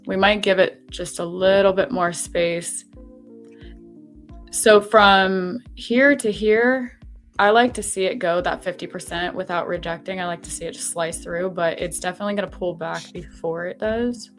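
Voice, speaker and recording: A woman's voice: fairly low pitch, normal speed, faint music behind. Chatty woman hosting a live stream. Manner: relaxed, chatty, laughs often. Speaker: host. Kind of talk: casual live-stream chat.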